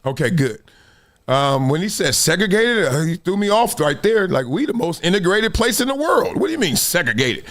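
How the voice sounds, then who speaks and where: A man's voice: high voice, very animated, moderate pace, a bit bright. A middle-aged man hosting a live sports talk stream, telling stories animatedly, laughing and acting out quotes. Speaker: host.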